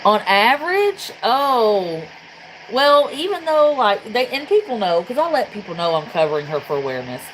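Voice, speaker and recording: A woman's voice: medium pitch, a little hiss or hum, poor audio. A woman from Tennessee with a Southern accent, chatting bluntly and casually to her livestream viewers and swearing freely. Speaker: livestream host.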